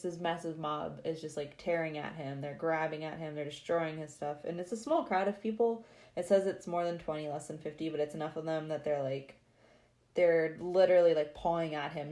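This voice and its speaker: A woman's voice: sits low, mellow. A woman casually recapping a book chapter, chatty, laughing often and saying "like" a lot. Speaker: podcast host.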